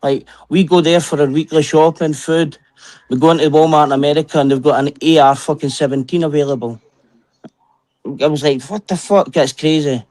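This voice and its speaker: A Scottish man trading jokes in loose, profane chat. His voice sits a touch high for a man, and he swears freely and teases as he talks. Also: fairly even intonation, brisk, darkish tone. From Scotland. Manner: profane, joking banter. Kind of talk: casual chat.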